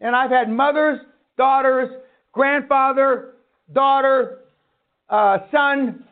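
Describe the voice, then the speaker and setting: Male seminar speaker, very high pitch, blunt and foul-mouthed; thin telephone-quality audio. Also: fairly even intonation, slow pace. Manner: blunt, swearing, ranting. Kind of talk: profane motivational lecture. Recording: tinny phone-like line.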